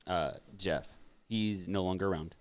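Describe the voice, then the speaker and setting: A man's voice: sits low, measured pace, slight background noise. A young man hosting a podcast in casual chat, joking and swearing freely. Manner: swears freely, laughs and jokes. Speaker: podcast host.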